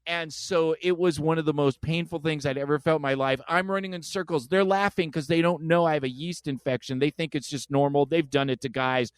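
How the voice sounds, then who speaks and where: A man's voice: a little high, a little fast, hardly any pauses, smooth, no room sound. A man hosting a podcast in casual chat, telling stories with acted-out voices. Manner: animated storyteller, acts out voices. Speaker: podcast host.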